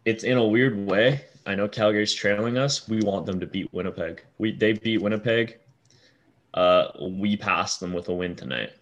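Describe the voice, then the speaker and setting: A man's voice: fairly low pitch, normal speed, muffled recording. A man co-hosting a casual hockey podcast, laying out standings and points steadily. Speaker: podcast co-host.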